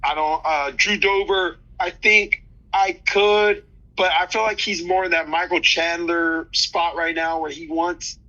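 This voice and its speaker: A man's voice: a little high, steady tone, a little slow, pushed and bright, highs cut off. A man in his thirties, a fighter talking loosely in an interview, slangy, with many restarts. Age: 30s. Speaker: fighter guest. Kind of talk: casual interview chat.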